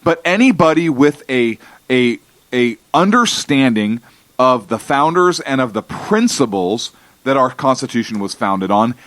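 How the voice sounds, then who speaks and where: A talk radio co-host making his case with heavy, deliberate emphasis. He stumbles and restarts, then presses on. The studio sound is dry and close, and his pitch sits mid-range. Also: big pitch swings, fairly bright tone, dry recording. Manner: emphatic, stumbling restarts, lectures slowly on principles. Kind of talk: political talk radio discussion. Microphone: studio microphone.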